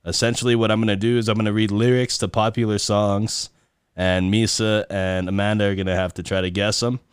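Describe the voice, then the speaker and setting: A man with a smooth, crisp voice hosts a laid-back podcast game. He jokes a lot and laughs easily. The sound is dry and close. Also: fairly low pitch, little pitch movement, a little fast, dry recording. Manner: laughing, joking, reads lyrics in silly voices. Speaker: podcast co-host running a lyrics game. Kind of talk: casual chat.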